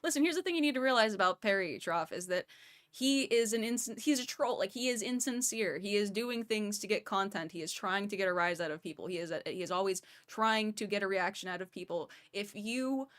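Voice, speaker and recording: A woman's voice: mid-range voice, a little fast, fairly bright tone. A woman streamer giving casual, analytical commentary on a voice chat clip and speaking straight to her chat. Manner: analytical, talks to chat directly.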